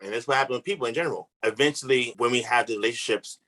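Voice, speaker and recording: A man's voice: mid-range voice, rapid-fire, bright, forceful tone. A man who works as a relationship coach, talking as a podcast guest in a casual, earnest, emphatic way with loose informal grammar. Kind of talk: casual conversation.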